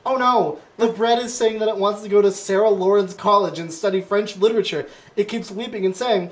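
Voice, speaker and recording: A man's voice: sits high, brisk, few pauses. A man hosting a casual comedy podcast, playfully reading quiz questions aloud and quizzing his guests. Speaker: podcast host.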